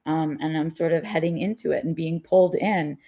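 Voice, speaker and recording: A woman's voice: deep voice, steady tone, fairly quick, dark tone, husky. Candid woman vlogging with a headache, lo-fi. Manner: candid, rambling, many fillers and restarts. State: has a migraine. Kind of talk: live-streamed personal vlog. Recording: dull lo-fi audio.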